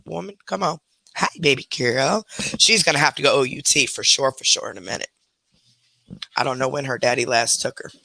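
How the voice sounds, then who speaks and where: Gravelly woman chatting, scolding her puppies. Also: low-pitched, pushed and bright. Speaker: live stream host. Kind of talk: casual chat. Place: home bedroom. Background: puppies moving about.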